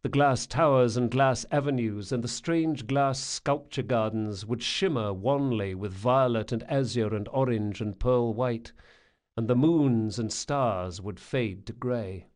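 A man's voice: mid-range voice, a little mellow. Man narrating an audiobook. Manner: measured, descriptive storytelling.

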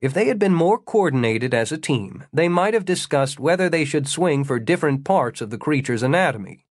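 A man reading an audiobook, telling an adventure story in a measured way with dry humor. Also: a little high, expressive, no echo. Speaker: narrator. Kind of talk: audiobook narration.

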